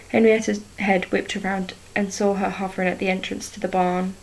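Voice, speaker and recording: A woman reading a story chapter aloud, steady and even, with a few small restarts. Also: medium pitch, a little fast, gravelly, slight background noise, poor audio.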